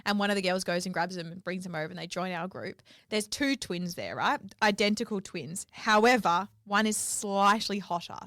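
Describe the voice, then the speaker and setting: A woman's voice: medium pitch, normal speed, few pauses, fairly bright tone, no room sound, clean studio sound. A young woman, co-hosting a podcast and telling a story in casual chat, swearing freely and acting out quotes. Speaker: podcast co-host.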